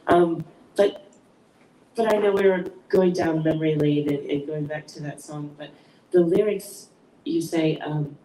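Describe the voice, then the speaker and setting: A woman's voice: deep voice, dark tone, far from the mic. A woman hosting a casual chat with her daughter as guest. She laughs often and acts out quotes as she tells stories. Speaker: podcast host and mother of the guest. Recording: echoey room from off-mic, faint noise.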